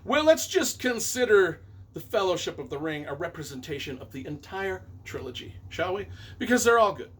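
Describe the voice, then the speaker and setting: A man's voice: high voice, big pitch swings, normal speed, fairly bright tone, breathy edge. A middle-aged man, a novelist and movie reviewer, rambling enthusiastically and correcting himself as he counts down his favorite films on camera.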